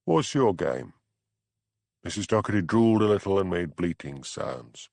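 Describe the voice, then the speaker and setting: A man's voice: deep voice, lively intonation, normal speed, vocal fry, darkish tone, no echo, full character voice. A man voicing a spry, cheeky eighty-eight-year-old ex-convict with a faint Cockney accent who slips into a posh drawl. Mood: amiable. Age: 80s. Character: spry elderly male ex-con, cheeky and amiable.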